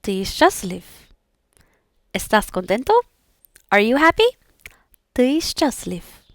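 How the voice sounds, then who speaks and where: A woman's voice: mid-range voice, animated, slow pace, a bit bright, no echo, studio quality. A young woman learning languages, repeating practice words aloud and chatting casually with fillers.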